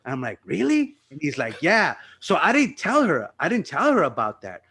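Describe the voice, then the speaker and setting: A man's voice: medium pitch, fairly quick, breathy edge. A man telling a personal anecdote in casual, profane chat as a podcast host. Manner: excitable, profane anecdote teller.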